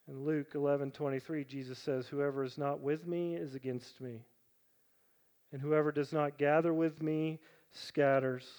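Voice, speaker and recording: A middle-aged man preaching a sermon as pastor. He talks conversationally, often checking in with "right?", and swings between loud, emphatic questions and quiet, low asides. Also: steady tone, moderate pace, lo-fi sound. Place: church sanctuary.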